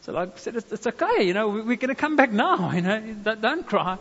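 A man's voice: sits high, big pitch swings, fairly quick, fairly bright tone. A man with a South African accent preaching a sermon, telling a personal story with casual asides and calls of amen. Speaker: pastor. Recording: dull reverberant hall sound.

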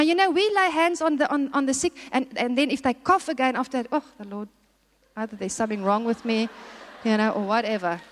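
A woman preaching a sermon, exhorting and putting questions to the congregation. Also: very high-pitched. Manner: exhorting, asks the audience questions. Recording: long hall reverb.

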